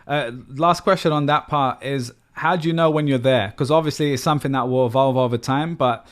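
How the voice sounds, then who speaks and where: Relaxed man hosting a podcast. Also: mid-range voice, brisk, smooth. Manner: relaxed storytelling with casual fillers. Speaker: podcast host. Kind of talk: casual interview chat.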